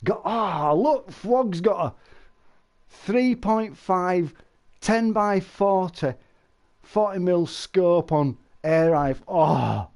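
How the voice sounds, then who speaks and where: A man live-streaming, chatting casually with viewers, rambling and laughing, with exaggerated shouted sound effects. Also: high-pitched, animated, takes it slowly.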